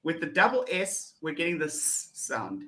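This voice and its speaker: A South African woman tutors English pronunciation one-on-one over a video call, patiently repeating words and laughing often. Her low voice sounds pushed and bright, very animated, at a moderate pace.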